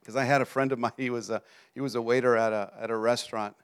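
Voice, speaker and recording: Animated male preacher telling a story. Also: mid-range voice, fast, clean tone. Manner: animated storyteller, often asks the audience "you understand?". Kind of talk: sermon storytelling.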